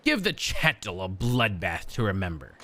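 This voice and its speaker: A man's voice: deep voice, sing-song, normal speed, bright, forceful tone, pitched below the performer's own voice, exaggerated voice. Guy putting on a sneery snobby lord voice, lots of swoop in it. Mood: sneering. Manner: sneering, contemptuous, pompous. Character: cruel haughty male feudal lord.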